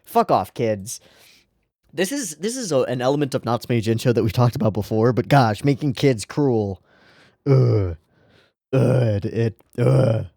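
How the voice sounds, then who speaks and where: A man in casual reaction-commentary mode, heavy with feeling and quick to swear, his voice sitting at an ordinary middle pitch. The sound is close and dry, with almost no room around it. He talks like a host chatting through an episode for his regulars. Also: dry recording. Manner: emotional, swears freely, animated commentary.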